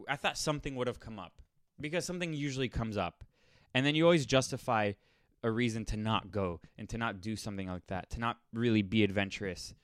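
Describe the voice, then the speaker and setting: A young man telling a rambling, sardonic story in a casual monologue, now and then mocking people in quick impressions. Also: medium pitch, fairly bright tone, smooth, no room sound. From Los Angeles area.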